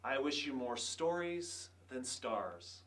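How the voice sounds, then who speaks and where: A man reading a short picture-book passage aloud, then giving a slightly halting greeting to students. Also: mid-range voice, big pitch swings, fairly bright tone, far from the mic, slight background noise. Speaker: school official greeting students. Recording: voice set back from the mic.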